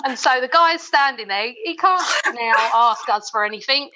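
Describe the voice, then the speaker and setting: A woman tells rowdy stories from her shop job as a guest on a podcast. She talks casually, swears, and giggles through her anecdotes. Her voice sits a little high and sounds bright. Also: lively intonation, moderate pace, poor audio. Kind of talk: casual storytelling.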